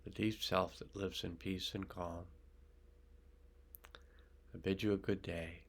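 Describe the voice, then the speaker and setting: Gravelly older man guiding a healing meditation. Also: low voice. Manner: slow, calm, soothing, with pauses. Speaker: energy healer.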